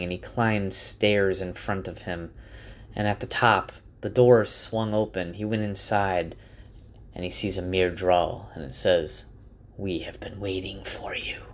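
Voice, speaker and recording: A man's voice: deep voice, a little hiss or hum. A man casually retelling a novel chapter by chapter, with occasional restarts. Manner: relaxed, slight restarts. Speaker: book summarizer.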